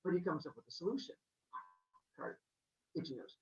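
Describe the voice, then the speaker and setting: A man's voice: sits high, fast, long pauses, lo-fi sound. A man telling a myth as a comic story in a casual, jokey way. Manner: casual, jokey, animated retelling.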